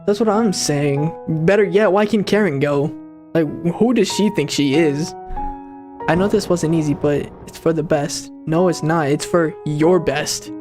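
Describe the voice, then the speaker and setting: A man casually commenting on a game he plays for the first time, reading its lines aloud and bursting into slangy, excitable reactions. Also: on the high side, measured pace, music in the background. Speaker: gaming channel host.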